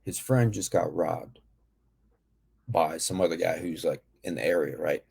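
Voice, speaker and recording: A man hosting a reaction video, talking in a slow, playful, slangy way. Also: sits low, creaky, a little mellow, husky. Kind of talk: casual reaction commentary.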